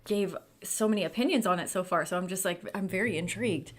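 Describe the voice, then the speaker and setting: A woman's voice: on the low side, quick pace. Chatty woman hosting a book club stream. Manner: chatty, reads viewer comments aloud, many fillers. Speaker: book club livestream host. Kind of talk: casual livestream chat.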